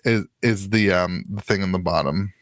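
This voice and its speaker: This podcast co-host from Ohio has a low-pitched voice and talks at a moderate pace, recorded dry. Chatting casually about trading card games, he wanders off on tangents, cracks jokes and uses plenty of fillers.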